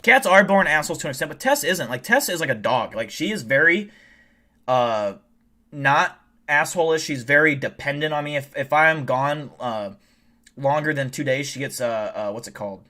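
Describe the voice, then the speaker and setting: A man's voice: on the high side, lively intonation, normal speed, pushed and bright. A man hosting a livestream, tired and a bit drunk, chatting casually in a rambling, profane way with lots of restarts. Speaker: livestream host.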